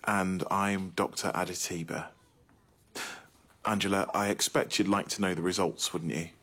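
A man's voice: sits low, fairly even intonation, moderate pace, a bit bright. An actor playing a kindly doctor who stumbles and hesitates over his words. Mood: awkward. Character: awkward kindly male doctor giving news.

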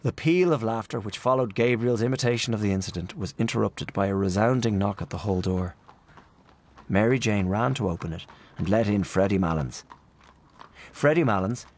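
Husky, expressive male audiobook narrator. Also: lowish voice. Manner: expressive, measured reading.

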